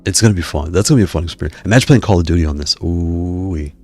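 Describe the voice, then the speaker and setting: This male live-stream host speaks rapid-fire in a low, slightly mellow voice with lively intonation and a breathy edge. Reading the chat as a YouTuber, he talks casually and digressively, frequently interrupting his own sentences.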